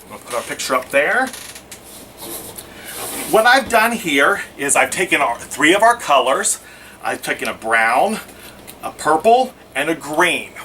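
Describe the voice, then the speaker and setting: A man's voice: a little high, big pitch swings, a little slow, pauses often, pushed and bright, distant mic, slight background noise. A man giving a casual scrapbooking how-to, chatting through each step as he works. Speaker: scrapbooking instructor.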